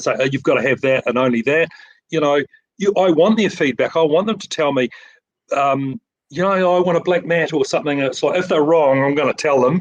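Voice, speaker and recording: A middle-aged man with a New Zealand accent, chatting about his framing shop over a video call. He is keen and restarts his sentences often, repeating words as he goes. His voice sits at an ordinary pitch and sounds dry and close. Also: no room sound, rough recording. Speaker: picture framing shop owner. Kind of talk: casual interview chat.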